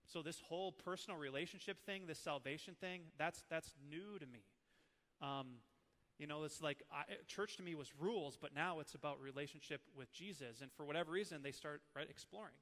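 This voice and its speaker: A man in his thirties, a preacher from Minnesota, teaching with animated, emotional personal stories. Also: a little high, brisk, big-room sound.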